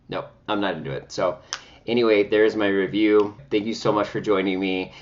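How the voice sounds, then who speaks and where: A man with a lowish voice, recorded with muffled sound, hosts a casual makeup review vlog from his home. He talks in a chatty, dramatic way, peppered with sassy exclamations.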